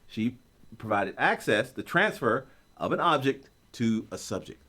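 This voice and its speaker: A man teaching an online course, explaining concepts in a joking, story-driven way. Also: moderate pace. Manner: animated, joking storyteller with a lively pitch. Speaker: course instructor. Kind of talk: recorded online lecture.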